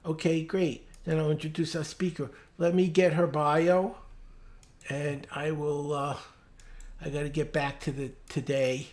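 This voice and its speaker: A woman's voice: sits low, little pitch movement, unhurried, a little mellow. A woman leading a small club's business meeting over a video call, talking informally and hesitantly as she checks her calendar aloud. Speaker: club meeting leader.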